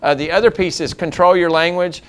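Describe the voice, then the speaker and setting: Man giving a lively staff training talk. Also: sits high, fairly quick. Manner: lively storyteller who acts out dialogue. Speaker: school district staff trainer. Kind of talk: customer service training talk.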